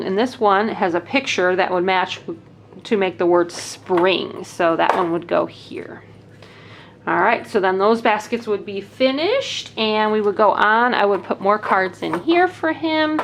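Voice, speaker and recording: A woman teacher patiently demonstrating early-grade learning activities step by step, with a faint hiss behind her. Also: medium pitch. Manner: clear, patient, explaining step by step.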